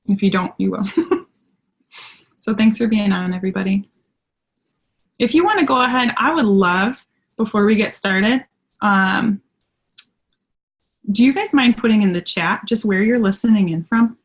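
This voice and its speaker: A woman with an Upper Michigan accent and a mid-range voice hosts a live team training call on video from her home by a window. Chatty and upbeat, she often laughs at herself, though the computer audio is poor.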